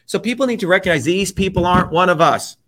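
A man who is a guest on an interview show, delivering a heated political rant that is profane, forceful and repetitive. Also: sits high, animated, fast talker.

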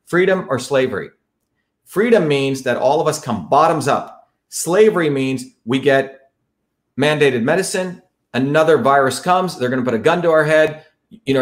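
A man from India hosting a political monologue, talking in an emphatic, repetitive, rallying way as he introduces his guest. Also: medium pitch. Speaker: host.

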